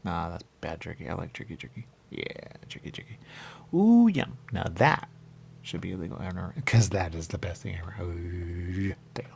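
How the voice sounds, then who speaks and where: Man, deep voice, gravelly, rambling comic radio chat, repeats himself, faint background noise. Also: animated, normal speed, darkish tone. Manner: rambling, repeats "there you go", jumps into silly voices. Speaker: radio show host.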